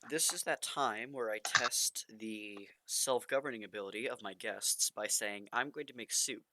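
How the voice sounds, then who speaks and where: A man's voice: lowish voice, normal speed. A man hosting a casual podcast chat with playful, mock-formal asides. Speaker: podcast host. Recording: clear background noise.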